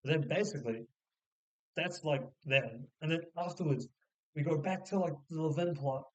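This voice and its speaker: A man casually summarizing a novel, rambling with many filler words and restarts, sometimes putting on quick voices for the characters. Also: a little high, highs cut off. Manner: slips into short mock voices for the characters. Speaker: book reviewer. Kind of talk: casual spoken book summary.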